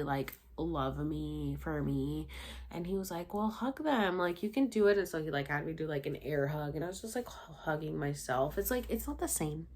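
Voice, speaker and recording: A woman's voice: low voice, slight background noise. A woman in her thirties casually telling a personal story, rambling with many fillers and sighs, sounding tired.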